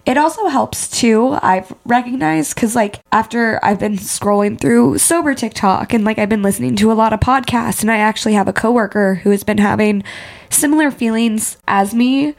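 A woman's voice: a little high, moderate pace, vocal fry. Congested young woman co-hosting a podcast. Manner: open and candid, many "like" fillers. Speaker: podcast co-host. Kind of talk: casual chat.

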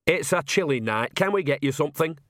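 A man's voice: fairly high pitch, very animated, moderate pace, dry recording, clean studio sound, voice pushed up. Nanny Ogg, a man doing a chatty old witch. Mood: coaxing. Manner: chatty, coaxing, folksy. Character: cheerful nosy old witch woman.

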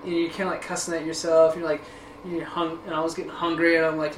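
High-voiced man telling a story in an echoey room. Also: quick pace. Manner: animated, profane, laughs often. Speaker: podcast host. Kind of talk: casual storytelling conversation. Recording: echoey room with background noise.

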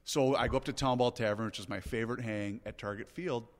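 A middle-aged man, a radio host, telling a long story in an animated, casual way and laughing often. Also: medium pitch, quick pace, long reverb tail.

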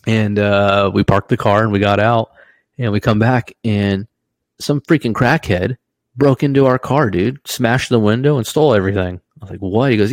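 A man in his thirties co-hosting a podcast, telling a story in an animated way, swearing freely and laughing as he goes. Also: lowish voice, moderate pace, dry recording. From Washington state, US. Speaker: podcast co-host. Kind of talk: casual storytelling chat.

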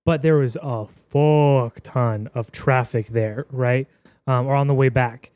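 A man's voice: medium pitch, steady tone, slow pace, a little mellow, dry recording. A young man co-hosting a podcast, laid-back and casual with slangy chat. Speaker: podcast co-host.

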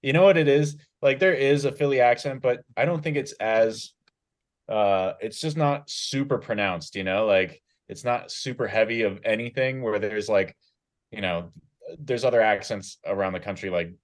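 A man's voice: lowish voice, moderate pace. A man co-hosting a podcast, rambling casually and repeating himself. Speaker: podcast co-host. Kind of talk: casual chat.

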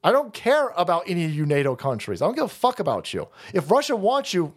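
A man's voice: high-pitched, huge pitch swings, fast talker. A man hosting a stream, delivering a profane, sarcastic rant of political commentary. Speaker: streamer host.

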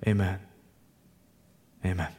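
A man's voice: deep voice, steady tone, slow. Man preaching in an echoey hall. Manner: swings from quiet reflection to loud impassioned preaching. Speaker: pastor. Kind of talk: sermon.

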